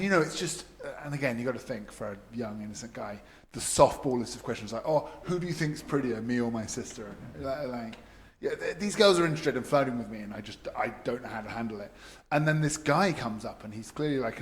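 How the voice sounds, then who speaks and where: A man telling animated anecdotes in a casual chat, often laughing. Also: medium pitch. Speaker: expat podcast guest.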